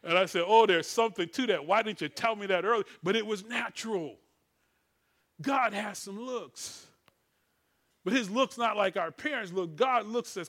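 A middle-aged pastor preaches a sermon in a high, ringing voice, talking a little fast. He drives call-and-response with the congregation, throwing out "what?" and answering it himself, and swings between shouted proclamations and soft, tender murmurs.

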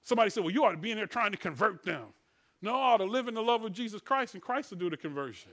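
A middle-aged man, preaching a sermon in call-and-response style, swinging between loud declarations and soft, murmured passages. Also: high voice, expressive, rapid-fire. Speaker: pastor.

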